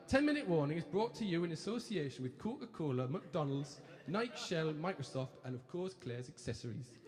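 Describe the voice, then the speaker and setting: A man's voice: fairly high pitch, noisy background. A man putting on the voice of a pair of chirpy young male TV presenters, with a Geordie accent and a brash, sweary, mock-cheerful delivery. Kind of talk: live comic impression. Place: live venue stage. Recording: echoey hall with crowd laughter.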